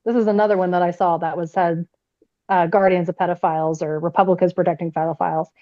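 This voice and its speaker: A woman's voice: fairly low pitch, fairly even intonation, fast, warm tone, lo-fi sound. A woman on a political livestream, telling wry stories in casual chat.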